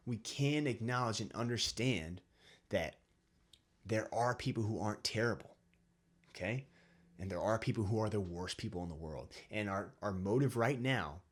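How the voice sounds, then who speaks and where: A man with a fairly low, husky voice delivers a lecturing opinion monologue. He is a young adult host who keeps tagging his points with "okay?" and "right?". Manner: lecturing, repeats "okay?" often. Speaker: channel host.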